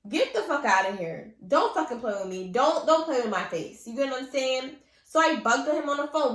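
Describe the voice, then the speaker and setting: A young woman telling a personal story in casual vlog style, animated, blunt and full of slang and swearing. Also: a little high, moderate pace, roomy sound.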